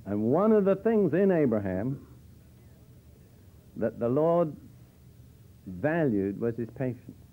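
A preacher teaches from the Bible in a conversational sermon style, explaining verses as he goes with dry humor. His medium-pitched voice swings widely in pitch, and he takes it slowly with frequent pauses, heard through a tinny, phone-like old tape.

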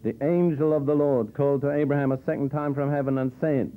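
Speaking fast in a fairly high, steady voice, a preacher works through the Bible conversationally, unpacking verses with a dry wit. The recording is an old tape with a thin, phone-like quality.

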